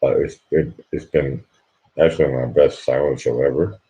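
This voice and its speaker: A sleepy man hosting a late-night livestream, talking quietly and rambling so he won't wake anyone at home. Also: very deep voice, fairly even intonation, moderate pace, rough recording. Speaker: livestream host.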